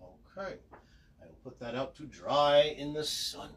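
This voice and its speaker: Narrating every move as he signs autographs for a livestream, this voice actor keeps things casual, chatty, and self-deprecating, poking fun at himself. He speaks at a measured pace in a slightly high, animated voice.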